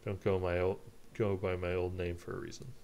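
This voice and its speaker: A man's voice: low voice, flat delivery, brisk, darkish tone, a little hiss or hum, pitched below the performer's own voice. A man reading the part of a proud, touchy male bird lawyer in a video game, curt and dignified.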